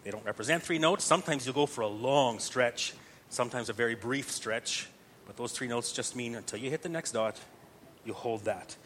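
A man's voice: mid-range voice, normal speed, fairly bright tone, slight background noise. A man teaching Gregorian chant to a group, explaining patiently step by step and often checking in with "right?".

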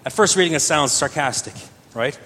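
A man preaching a sermon earnestly, his voice swelling louder on key phrases. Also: lively intonation, fairly quick, creaky. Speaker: pastor. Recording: reverberant church hall with faint rumble.

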